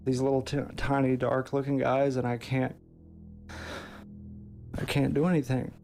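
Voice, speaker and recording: A middle-aged man recounting a personal experience in a documentary clip, halting and searching for words. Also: mid-range voice, flat delivery, vocal fry, a little mellow.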